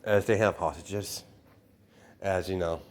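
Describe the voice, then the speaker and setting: A man improvising a fan story out loud in a rambling way, filling his sentences with hesitations and fillers. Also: low-pitched, fairly even intonation, takes it slowly. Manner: rambling, full of "you know" fillers.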